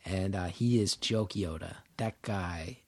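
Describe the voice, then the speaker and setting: A middle-aged man from New Jersey, a comedian guest telling a candid story in conversation, animated, acting out quoted lines and swearing freely. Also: deep voice, takes it slowly, no room sound.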